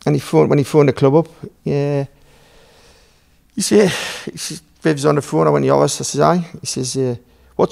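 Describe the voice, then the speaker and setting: Gravelly Geordie man telling stories. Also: on the high side, steady tone, normal speed, darkish tone. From Newcastle, England. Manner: rambling, swearing, acts out dialogue. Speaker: podcast guest. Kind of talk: casual storytelling.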